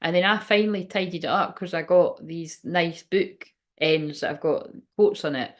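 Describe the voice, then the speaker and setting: A woman's voice: lowish voice, normal speed. A woman who works as a spiritual medium, rambling chattily and emotionally on a live stream and laughing often. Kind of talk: casual live-stream chat.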